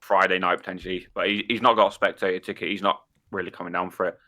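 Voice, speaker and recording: A man's voice: sits low, flat delivery, quick pace, bright, forceful tone. A young man co-hosting a podcast in casual chat, swearing a lot, laughing and stumbling over his words. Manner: swearing, laughing, stammering restarts. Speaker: podcast co-host.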